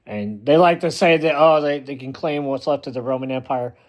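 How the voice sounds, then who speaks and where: A man's voice: mid-range voice, fairly quick. A man delivering a blunt, emphatic ranting monologue as a vlogger, often repeating himself for force.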